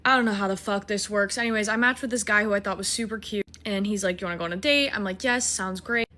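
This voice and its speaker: Bright-voiced young woman telling a story. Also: medium pitch, fast talker. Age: 20s. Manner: animated, swearing, self-mocking. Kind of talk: casual storytime.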